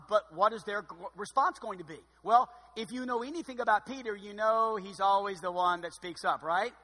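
A man preaching a sermon as pastor, expressive and dryly sarcastic, with loud emphatic bursts and quiet asides. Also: sits high, big-room sound.

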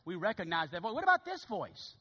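Male pastor, animated sermon, bright voice, wide swinging pitch. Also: quick pace, breathy edge, long reverb tail. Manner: animated preaching, swinging from loud to hushed. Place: church sanctuary.

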